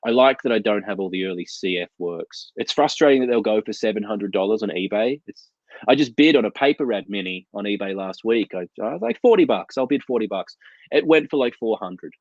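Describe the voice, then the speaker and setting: A man's voice: fairly low pitch, expressive, fairly quick, dry recording. A man co-hosting a casual comics chat over a video call, telling rambling, profane anecdotes. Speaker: co-host of a comics chat show. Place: home out in the desert. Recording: dull lo-fi video call audio.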